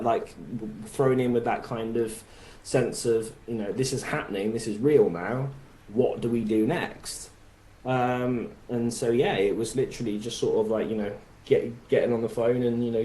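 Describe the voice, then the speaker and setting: A man's voice: medium pitch, warm tone, reverberant. A man with a Bristol accent, a musician guest chatting casually in an interview and rambling through plenty of verbal fillers.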